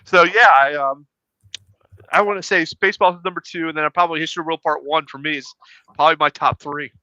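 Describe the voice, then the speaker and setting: A man's voice: on the high side, steady tone, fast, pushed and bright, dry recording, lo-fi sound. A man co-hosting a casual talk show who laughs easily and chimes in with short replies. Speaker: podcast co-host. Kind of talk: casual chat.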